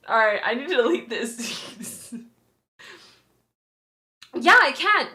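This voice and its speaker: A woman's voice: medium pitch, very animated, normal speed, pauses often, pushed and bright. A young woman streamer chatting casually with her viewers, often laughing and apologizing as she reads chat.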